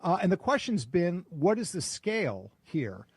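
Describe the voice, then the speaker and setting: Measured man explaining on air. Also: sits high, sing-song, husky, no echo. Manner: measured and explanatory, with a few fillers. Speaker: author and think-tank guest. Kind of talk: cable news interview.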